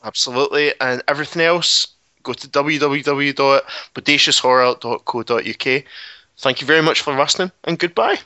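A man's voice: medium pitch, brisk, pushed and bright, no room sound, muffled recording. A man hosting a podcast, giving friendly announcements with lots of ums and uhs. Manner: friendly, filler-heavy. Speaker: podcast host.

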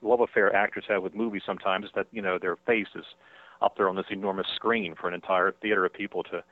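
A man, an author being interviewed by phone, talking in a halting way with many fillers and restarts. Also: low voice, level tone, no room sound. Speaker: author and guest. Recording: tinny dry phone line.

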